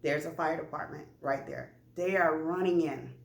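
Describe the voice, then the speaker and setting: A woman's voice: low-pitched, moderate pace, creaky, reverberant. A woman vlogger telling a personal story candidly and animatedly, talking straight to her viewers. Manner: animated, chatty, addresses viewers directly.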